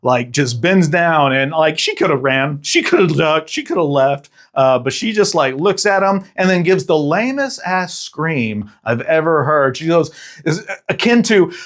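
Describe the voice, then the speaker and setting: A man's voice: on the high side, expressive, a little slow, hardly any pauses, fairly bright tone. A man hosting a movie review show, giving a casual, rambling and profane recap with frequent laughter.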